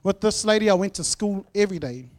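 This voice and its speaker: A man's voice: high voice, animated, quick pace. Earnest New man giving testimony. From New Zealand. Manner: earnest, heartfelt storytelling with loud and soft swings. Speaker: guest speaker sharing testimony. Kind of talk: church testimony.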